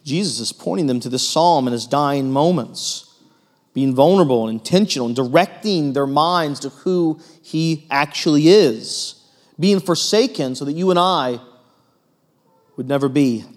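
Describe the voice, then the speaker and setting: A man preaching a sermon in an earnest way, moving between emphatic stretches and hushed ones, with frequent fillers. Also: a little high, animated, moderate pace. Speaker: pastor.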